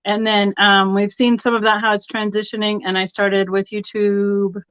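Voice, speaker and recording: A woman's voice: medium pitch, little pitch movement, moderate pace, a bit bright, clean tone. A woman talks casually over a video call, chatty and loose, full of little fillers. The sound is dull and lo-fi. The room is dry, with no echo. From Colorado. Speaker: guest seller. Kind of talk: casual chat on a live stream. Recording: dull dry lo-fi stream audio.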